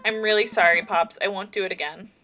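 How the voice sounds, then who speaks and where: A woman's voice: mid-range voice, fairly even intonation, fast talker, pushed and bright, slight background noise, close to an everyday voice. A woman reading a sassy teenage daughter. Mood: apologetic.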